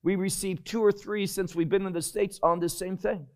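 A man preaching a Bible-teaching sermon, deliberate and emphatic, often dropping his voice low at the end of a phrase. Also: steady tone. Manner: slow, deliberate, emphatic delivery with sudden drops in volume.

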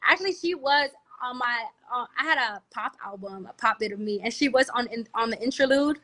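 Brief: brash young woman from the DMV, bright voice, slightly high, laughs a lot. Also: lively intonation, fairly quick. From DMV area, US. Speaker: music artist guest. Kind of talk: casual interview chat.

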